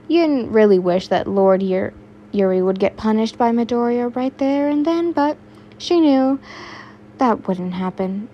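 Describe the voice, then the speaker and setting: A woman's voice: mid-range voice, mellow, muffled recording, a little hiss or hum. A young woman reading fan fiction aloud in a casual way, stumbling now and then and adding her own asides. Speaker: fanfiction reader.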